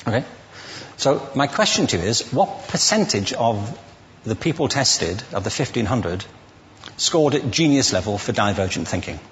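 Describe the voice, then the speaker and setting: A man's voice: mid-range voice, very animated, moderate pace, long reverb tail, a little hiss or hum. A man giving a witty, conversational lecture to a live audience, asking the listeners questions as he goes. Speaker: public speaker.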